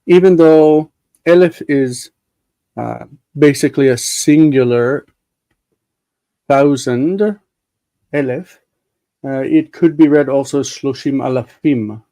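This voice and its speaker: A man hosting a live-streamed Hebrew study group, patiently explaining grammar and sounding words out slowly. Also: medium pitch, warm tone, poor audio. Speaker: host leading a live Hebrew reading group.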